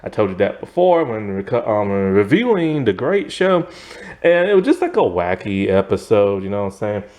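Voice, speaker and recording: A man giving a casual spoken video review of a TV series, rambling, filling pauses with fillers and laughing often. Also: fairly low pitch, big pitch swings, darkish tone.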